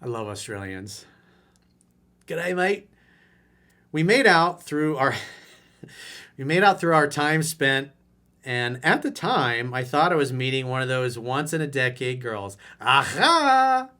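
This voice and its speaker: A man's voice: mid-range voice, lively intonation, measured pace, pushed and bright. A man who coaches people on dating, reading out a viewer letter and answering it in a blunt, mocking way.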